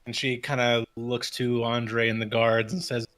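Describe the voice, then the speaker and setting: A man's voice: medium pitch, flat delivery, unhurried, a bit bright. A man with a mid-range voice narrates as game master of a tabletop game. He talks casually and loosely, often restarting his sentences. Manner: casual, many fillers and restarts.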